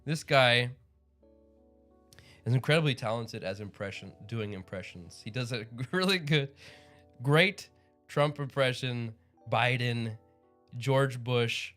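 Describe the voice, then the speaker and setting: A man's voice: mid-range voice, fairly bright tone. A man hosting a livestream in casual chat, rambling and upbeat with frequent chuckles. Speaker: livestream host.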